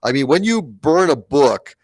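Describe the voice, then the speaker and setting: A man's voice: a little high, sing-song, a little slow, no echo, rough recording. A man co-hosting a casual live stream, speaking in an articulate, lecturing way with formal words and stammered restarts. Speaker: co-host.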